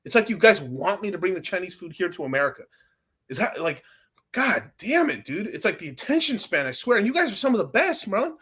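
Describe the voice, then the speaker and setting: A man's voice: sits high, big pitch swings, brisk, bright, forceful tone, slightly rough. A man streaming about crypto, talking to his chat in a profane, exasperated, rambling rant.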